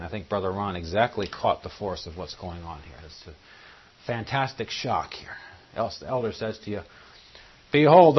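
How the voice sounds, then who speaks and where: A man's voice: mid-range voice, breathy edge. A man preaching a Bible-study sermon, teaching and putting questions to his listeners. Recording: muffled lo-fi recording.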